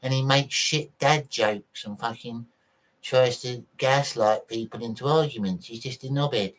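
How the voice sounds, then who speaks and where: A man's voice: mid-range voice, a little slow, poor audio. A man hosting a livestream, reading out viewer messages and ranting in a blunt, profane way. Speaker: livestream host.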